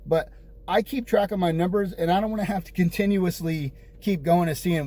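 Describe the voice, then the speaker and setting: A man's voice: high-pitched, fairly quick, warm tone. A man venting to the camera in a casual, rambling vlog, exasperated and repeating himself. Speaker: vlogger. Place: room with windows open near a street. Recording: faint street noise. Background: passing buses and traffic.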